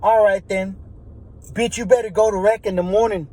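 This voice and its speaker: A man voicing a menacing male prison inmate who yells profane threats and taunts. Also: sits high, steady tone, normal speed. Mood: taunting.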